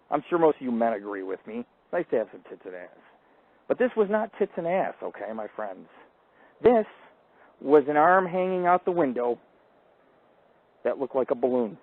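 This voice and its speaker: A man hosting a live call-in radio show, telling crude, boastful stories full of profanity and swinging from loud outbursts to low mutters. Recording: tinny phone-like line.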